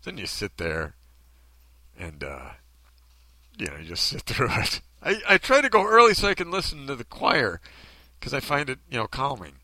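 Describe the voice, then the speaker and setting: Animated man telling a funny story. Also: medium pitch, normal speed, pauses often, no echo, rough recording. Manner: rambling, laughing asides, self-interrupting. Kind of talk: comedic storytelling.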